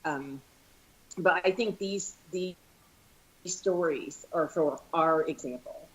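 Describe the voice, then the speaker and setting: A woman with a notably low voice talks through a faith story on a podcast. She is earnest and heartfelt, circling back and restarting her phrases as she retells the scene. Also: slow pace, poor audio. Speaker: podcast co-host. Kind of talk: casual discussion on faith.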